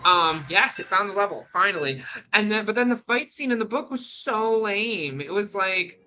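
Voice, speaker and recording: A young adult gaming streamer chatting casually on a live stream, rambling into animated rants. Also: medium pitch, normal speed, faint music behind, rough recording.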